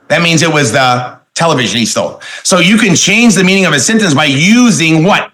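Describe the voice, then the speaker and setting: Emphatic man training salespeople, bright voice. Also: fairly high pitch, animated, fairly quick, few pauses, low-quality recording. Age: 40s. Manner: emphatic, with many rhetorical questions; plays with inflection, stretching key words. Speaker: network marketing speaker trainer. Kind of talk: motivational training talk.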